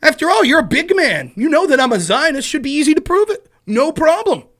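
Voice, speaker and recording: Angry streamer guy ranting, cussing and mocking, pitch jumping all over, sharp bright voice. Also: big pitch swings, fairly quick. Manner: profane, sarcastic, taunting, bursts into shouting. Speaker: live stream host. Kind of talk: angry live-stream rant.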